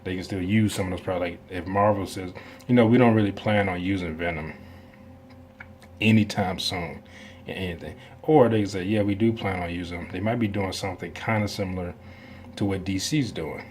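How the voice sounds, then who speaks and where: A man's voice: sits low, steady tone, brisk, darkish tone, a little hiss or hum. A man hosting a reaction video, talking in a casual, rambling way with many asides and some laughs.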